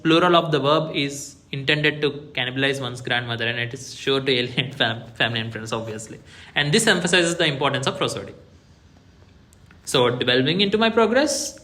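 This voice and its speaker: Young man, student presenter, explanatory with many fillers; raised pitch, bright tone. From India. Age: young adult. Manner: explanatory, with frequent fillers like "like" and "see". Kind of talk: academic project presentation.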